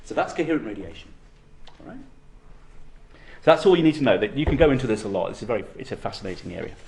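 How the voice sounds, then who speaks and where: A man's voice: mid-range voice, sing-song, quick pace, gravelly, a little mellow. A man lecturing on physics to university students, explaining step by step and often checking in with "okay?".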